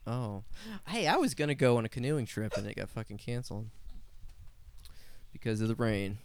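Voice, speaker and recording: A man's voice: mid-range voice, expressive, moderate pace, darkish tone, clear, resonant tone. A man co-hosting a podcast, joking and bantering in casual chat. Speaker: podcast co-host.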